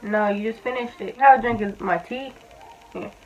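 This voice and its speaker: A woman's voice: on the high side, moderate pace, darkish tone, soft background music. A woman in her twenties casually telling a personal story, candid and blunt, full of fillers and swearing. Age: 20s. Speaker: vlogger. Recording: tinny, phone-like audio.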